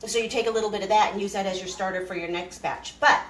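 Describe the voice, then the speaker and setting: A woman speaks quickly in a steady, mid-range voice while hosting a casual homesteading live stream, cooking in her home kitchen and greeting viewers by name. Her camera moves around the echoey room, and the poor recording has a slight hiss or hum.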